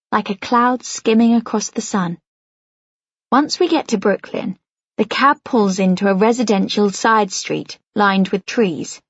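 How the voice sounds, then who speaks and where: A woman narrating a first-person novel for an audiobook in a gentle, even storytelling manner. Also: mid-range voice, no echo, muffled recording.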